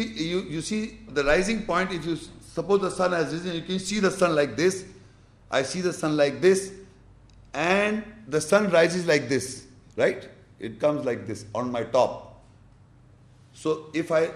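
A man's voice: on the high side, roomy sound. A man teaching a religious lesson, quizzing his class and demonstrating with his hands.

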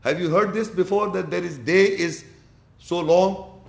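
A man's voice: high-pitched, measured pace, creaky, roomy sound. A man teaching a religious lesson, quizzing his class and demonstrating with his hands.

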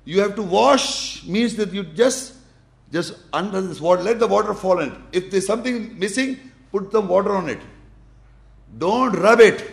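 A man teaches a religious lesson, walking listeners through each step and showing them as he goes. His voice sits high and has a gravelly edge with some fry. He stresses his points and repeats the key instructions. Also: normal speed. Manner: emphatic, repetitive, demonstrates with gestures. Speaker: Islamic teacher. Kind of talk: explanatory religious lesson with demonstration.

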